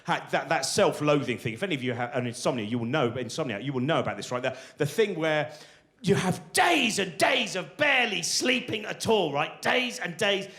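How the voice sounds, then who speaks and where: A man in his forties performing a rambling stand-up comedy routine, often slipping into shouted voices. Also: fairly high pitch, big pitch swings, brisk. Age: 40s.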